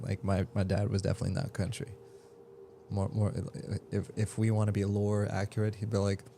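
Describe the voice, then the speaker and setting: A man's voice: deep voice, little pitch movement, fairly quick, vocal fry, dark tone, faint music behind. A man live-streaming a game, chatting casually and rambling as he reads out viewers' messages. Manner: rambling and talkative, reads chat aloud.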